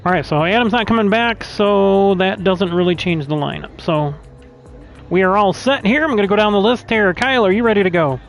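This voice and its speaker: High-voiced joking man on a headset. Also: brisk, faint music behind, poor audio. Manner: joking, easygoing. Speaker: race league host. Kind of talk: casual voice chat roll call.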